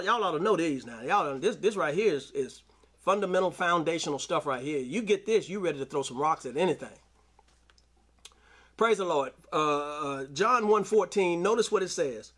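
Male preacher, high voice, AAVE, sermon delivery with call-outs. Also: animated, normal speed, husky. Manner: preaching with call-outs and scripture reading, rising to shouts. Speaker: pastor.

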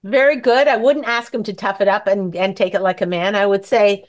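A woman's voice: medium pitch, steady tone, a little fast, hardly any pauses, dull audio. A middle-aged woman hosting a talk show, giving casual, rambling marriage advice and acting out little dialogues. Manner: chatty, rambling, acts out dialogue. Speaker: host answering questions.

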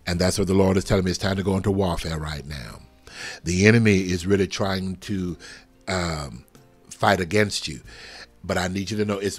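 A man leading a live prophetic prayer over a livestream, fervent and swinging from soft murmurs to loud exclamations. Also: low voice, husky. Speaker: pastor. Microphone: livestream webcam.

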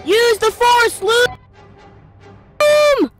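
A woman hosting a let's play video, giving excitable, playful commentary over the game and mimicking the characters. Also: very high-pitched, very slow, over loud music. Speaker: gaming channel host.

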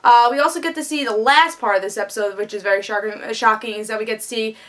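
A woman's voice: on the high side, quick pace, a bit bright. A woman giving a casual, eager TV episode review, chatty and full of fillers. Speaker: TV show reviewer.

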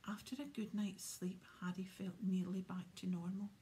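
A woman reading an audiobook aloud in a soft, hushed way. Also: mid-range voice, little pitch movement, normal speed, a little hiss or hum. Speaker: audiobook reader. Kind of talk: audiobook narration.

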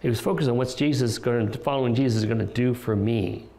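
A man's voice: mid-range voice, quick pace, dark tone, reverberant. A male pastor preaching an expository sermon in a conversational way, with restarts and rhetorical questions. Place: church sanctuary.

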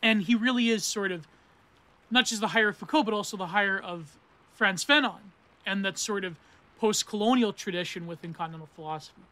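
Rambling thirty-year-old man, bright high voice. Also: a little fast. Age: 30s. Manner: rambling, self-correcting, academic with meme slang. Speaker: podcast host reviewing philosophy books. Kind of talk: casual spoken book review.

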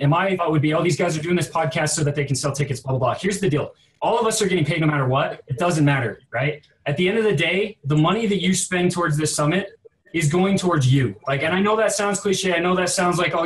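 Earnest co-host, echoey room. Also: male voice, a little high. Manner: earnest, full of "like" fillers. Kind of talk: casual podcast talk. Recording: echoey room with faint background noise.

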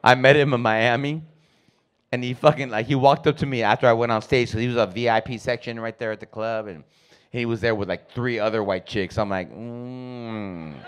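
A man doing profane, loud stand-up comedy in a club, riffing with the crowd on a handheld mic. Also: mid-range voice, fairly even intonation, fairly quick, smooth. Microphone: handheld stage mic.

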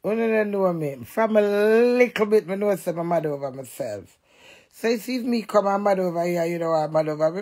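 A woman's voice: medium pitch, lively intonation, moderate pace. A woman with a Jamaican accent, ranting and cussing defiantly in a monologue to camera. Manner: loud, cussing, defiant rant. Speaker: vlogger.

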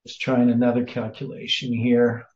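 A man leading an informal Bible study, thinking aloud with many pauses and fillers as he works through word meanings. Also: mid-range voice, level tone, a little mellow. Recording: roomy, slightly dull recording.

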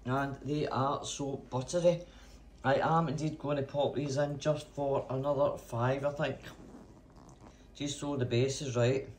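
A man's voice: medium pitch, steady tone, a little slow, darkish tone, a little hiss or hum. A man chatting casually in his home kitchen as a cooking vlogger, theatrical and full of cheery exclamations.

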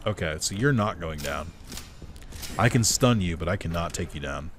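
A man's voice: low-pitched, lively intonation, normal speed, noisy background. A man giving casual let's-play commentary on a game, chatty and laughing, swearing freely at what happens on screen. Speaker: gameplay commentator.

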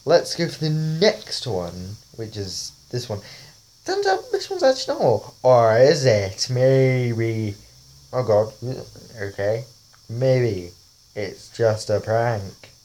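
Chatty man, slow and laughing. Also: medium pitch, wildly swooping pitch, a little mellow. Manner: chatty, rambling, often laughs. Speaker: vlogger. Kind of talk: casual commentary while trying a face-swap app.

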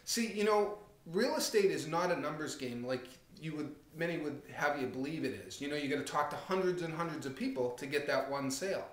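A man giving a direct, conversational real estate coaching talk, acting out anecdotes with lively energy. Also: a little high, brisk, hardly any pauses, reverberant.

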